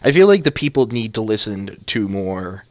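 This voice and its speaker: A man's voice: on the low side, very animated, normal speed, no echo. A man casting an amateur esports match, talking casually and joking around with many fillers. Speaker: esports caster.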